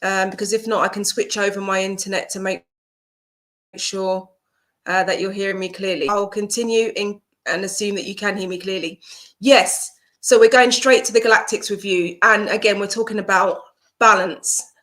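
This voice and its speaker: A woman reads cards live for an online audience. Her voice is bright and clear, at an ordinary pitch. She welcomes viewers by name and talks them through each card in a flowing, spiritual way. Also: fairly even intonation, moderate pace. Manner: warm greetings to viewers, flowing spiritual explanation. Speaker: psychic card reader. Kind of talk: live-streamed card reading. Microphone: video call setup.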